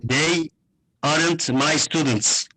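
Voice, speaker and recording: A man with a Turkish accent, a student reading English exercises aloud over a video call, halting and hesitant. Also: on the high side, bright, forceful tone, husky, rough recording.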